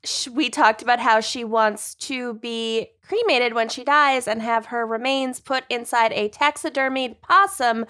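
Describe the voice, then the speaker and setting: A woman's voice: fairly high pitch, unhurried, few pauses, a bit bright. A woman co-hosting a podcast, chatting casually and telling upbeat stories to her friends. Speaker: podcast co-host. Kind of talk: casual chat among friends.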